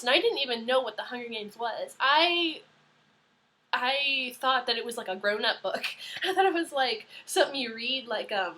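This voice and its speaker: A young woman in her early twenties rambles excitedly into her webcam. Her voice sits high and sounds bright and sharp, full of fillers and quick asides in a casual home vlog. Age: early 20s. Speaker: vlogger. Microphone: webcam mic.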